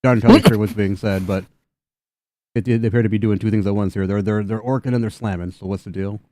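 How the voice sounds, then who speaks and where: A young man running a tabletop game, narrating loosely with frequent fillers. His voice sits somewhat low and the sound is dry and close. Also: fairly even intonation, fast talker, dark tone, no room sound. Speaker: game master.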